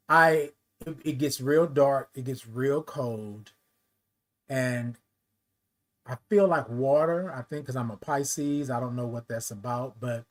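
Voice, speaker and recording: A man hosting a talk show, telling a personal story with emphatic, conversational delivery and speech. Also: medium pitch. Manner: emphatic storyteller, addresses listeners as y'all, rises loud when telling the climax. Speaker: host.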